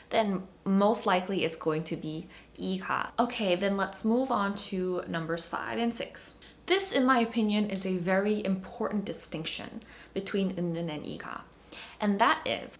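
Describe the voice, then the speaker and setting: A woman teaching a grammar lesson online, her voice rising and falling in a lively, animated way. She explains each point with clear emphasis, like a teacher walking viewers through examples. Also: mid-range voice. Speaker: Korean language teacher.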